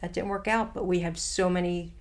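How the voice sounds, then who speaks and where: A woman with a somewhat low voice co-hosting a casual talk show. She speaks earnestly and reflectively, stringing her thoughts together in long, flowing sentences. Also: steady tone, brisk. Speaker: podcast co-host. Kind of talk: casual conversational chat.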